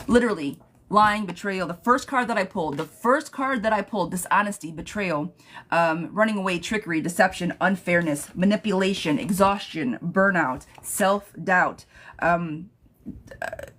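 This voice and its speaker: A woman's voice: fairly low pitch, a bit bright. Chatty woman reading tarot on a live stream. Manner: chatty, laughs often, reads out viewer questions. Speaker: tarot reader.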